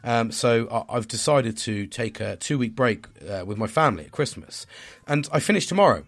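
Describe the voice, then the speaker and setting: A man's voice: medium pitch, lively intonation, normal speed. A man, talking in a casual, rambling vlog monologue. He swears constantly, sounds stressed and tired, and is hard on himself. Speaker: vlogger.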